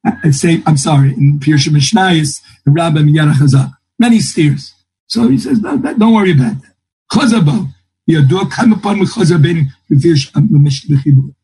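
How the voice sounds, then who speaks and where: A man's voice: on the high side, brisk, dark tone, a little hiss or hum, rough recording. A man teaching a Talmud class, thinking aloud and quoting texts in a lilting singsong. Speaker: Torah teacher.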